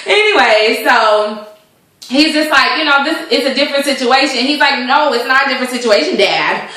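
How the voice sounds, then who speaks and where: A woman chatting casually as she recaps a TV episode, acting out the characters' lines in an animated way. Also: a little high. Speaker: TV show reviewer. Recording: echoey room.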